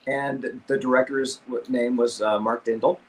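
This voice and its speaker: Middle-aged male voice actor, guest on a video call, middle pitch, lively storyteller who acts out every quote. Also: moderate pace, a little hiss or hum. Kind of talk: casual anecdote on a video call.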